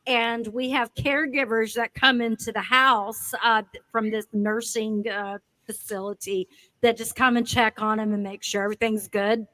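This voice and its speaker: A woman's voice: a little high, level tone, normal speed, pushed and bright. A middle-aged woman, chatting casually as a guest, teasing and laughing between lines. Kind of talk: casual chat.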